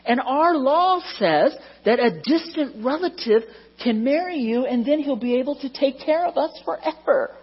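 A children's teacher voicing an astonished older woman relative, raising the voice high and drawing the words out in an excited, storybook manner. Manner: excited, raised and drawn-out. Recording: dull lo-fi sound.

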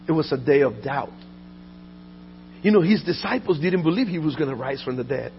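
A high-pitched man preaching with earnest intensity, stumbling over restarts and repeated words, sinking quiet and low when he speaks of pain. The audio is dull and lo-fi. A faint mains hum sits underneath. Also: lively intonation, a little fast, gravelly, pauses often. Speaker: pastor. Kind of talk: sermon.

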